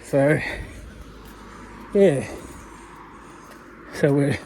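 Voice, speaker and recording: A man's voice: on the high side, lively intonation, drawn-out words, mellow, a little hiss or hum. Rambling Australian man chatting on a walk. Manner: rambling, chatty, self-deprecating, addresses viewer directly. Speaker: vlogger. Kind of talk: casual walking vlog talk. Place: outdoors walking along a road.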